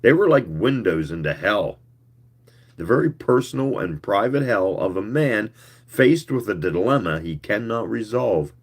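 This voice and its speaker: A man gives a live reading of a story. His voice sits on the low side, and he takes his time. He narrates in a slow, measured storytelling manner. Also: expressive, breathy edge. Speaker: reader.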